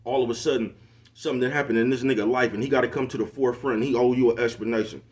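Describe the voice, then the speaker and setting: A man's voice: mid-range voice, steady tone, rapid-fire. A middle-aged man, giving a preachy casual monologue to camera and constantly asking if you know what he's talking about. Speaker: social media commentator.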